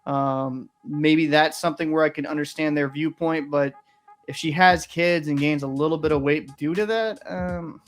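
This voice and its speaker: A man's voice: fairly high pitch, fairly even intonation, moderate pace. A young man hosting a reaction video, talking candidly in a rambling, casual way and swearing freely. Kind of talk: casual commentary.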